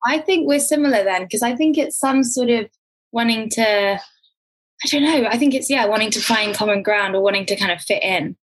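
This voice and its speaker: A woman's voice: a little high, brisk, slightly rough. A woman actor who grew up in Glasgow and now sounds English, chatting casually in an interview, laughing often and trailing off into restarts. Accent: English, neutral. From Scotland, grew up in Glasgow. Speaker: actor, guest.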